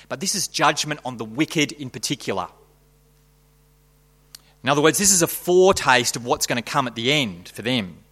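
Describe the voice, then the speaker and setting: A man's voice: fairly high pitch, sharp tone. A man leading a prayer and preaching a sermon, talking through his points with rhetorical questions in a conversational way. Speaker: pastor. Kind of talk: sermon with dramatic reading.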